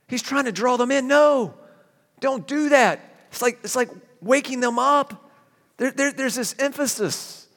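A man preaching a sermon as a pastor, animated and given to sudden emphatic bursts. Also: sits high. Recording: long hall reverb.

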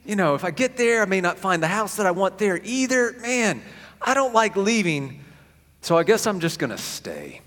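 A preacher acting out a whiny grumbling desert wanderer. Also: male voice, high-pitched, very animated, moderate pace, a bit bright, voice pushed up. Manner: complaining, whiny reluctance. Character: grumbling weary Israelite man in the desert. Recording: long hall reverb.

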